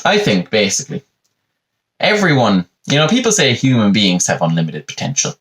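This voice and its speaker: A man's voice: lowish voice, wildly swooping pitch, fairly quick, fairly bright tone. A young Irish man hosting a solo comedy podcast from his bedroom, rambling and sardonic, with constant "you know" asides. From Ireland. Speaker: podcast host. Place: bedroom at home.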